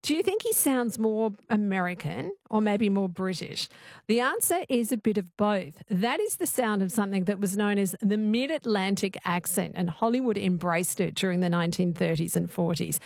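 A woman's voice: mid-range voice, animated, moderate pace, creaky, a little mellow, dry recording. A woman hosting late-night radio, chatty and conversational, with the odd filler. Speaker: radio host. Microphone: studio microphone.

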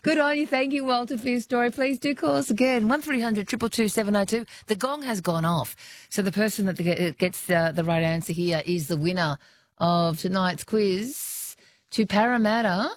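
A woman's voice: medium pitch, moderate pace, no room sound. Chatty Australian woman hosting radio. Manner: chatty, encouraging, laughs easily. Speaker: radio quiz host. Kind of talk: talkback radio quiz.

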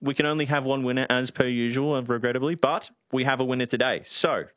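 A man's voice: medium pitch, fairly even intonation, fast talker, background noise. A man, a radio producer chatting on air in a rambling, self-deprecating way. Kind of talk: casual radio banter. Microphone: studio microphone.

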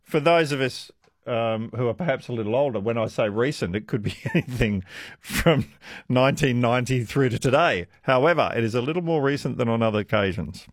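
A man's voice: medium pitch, animated, fairly quick, no echo, clean studio sound. A man hosting a radio quiz with callers, chatty and self-deprecating, laughing often. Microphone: studio microphone.

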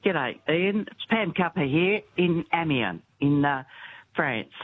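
A woman phones in to a radio show over a tinny line. She speaks hesitantly, filling her pauses with ums and uhs. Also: sits low, animated, slight background noise. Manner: hesitant, many fillers. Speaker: caller, military correspondent.

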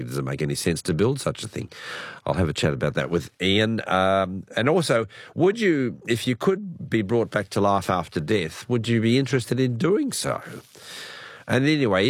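A man with an Australian accent hosting late-night radio, hoarse from a cold, chatty and correcting himself as he goes. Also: low voice, no echo, clean studio sound. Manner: chatty, self-correcting, relaxed. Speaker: radio host. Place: radio studio. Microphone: studio microphone.

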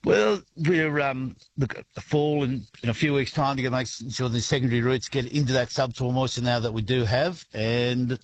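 A man with an Australian accent, a grain farmer answering a radio interview in a relaxed, halting way with many restarts. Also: medium pitch, a little hiss or hum, rough recording.

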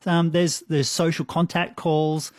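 A man's voice: a little high, little pitch movement, unhurried, darkish tone, no room sound, studio quality. A man, a scientist answering a radio interviewer with enthusiastic explanations and frequent restarts. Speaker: marine biologist guest.

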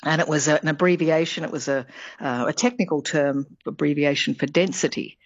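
A woman's voice: sits low, a little fast, no room sound, lo-fi sound. A woman, a linguistics professor, explains words on a radio show in a chatty way, with fillers and little laughs. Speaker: linguistics professor, guest expert.

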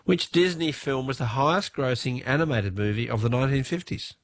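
An Australian-accented man hosts a talkback radio quiz, jokey and chatty, laughing often with callers. He has a cold, so his mid-range voice is lower than usual, and he speaks fairly quickly. The recording is studio quality with no echo.

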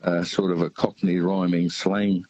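An older man calling in to a radio show, chatting in a halting way with many fillers. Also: low voice, little pitch movement, a little mellow, no room sound, lo-fi sound. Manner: hesitant, halting, lots of uh fillers. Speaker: radio caller. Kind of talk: casual chat.

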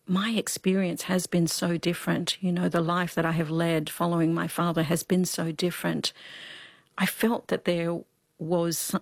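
Woman, gravelly voice, dry close recording, reflective storytelling, pauses as she thinks. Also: lowish voice, no echo. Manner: soft-spoken, reflective, with pauses and restarts. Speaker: charity founder. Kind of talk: personal storytelling in an interview.

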